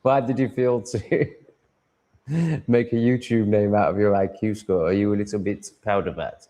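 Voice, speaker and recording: A man talks through a casual live stream from home, answering viewers as he goes. His voice sits a little low. He rambles, swears freely, trips over restarts and chuckles between thoughts. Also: measured pace, warm tone. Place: at home with cats on his lap.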